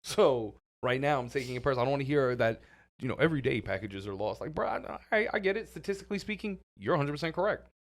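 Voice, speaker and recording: A man co-hosting a casual podcast, his voice sitting at an ordinary middle pitch. He tells stories with lots of animation, laughs often, and swears freely. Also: expressive, quick pace. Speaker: podcast co-host.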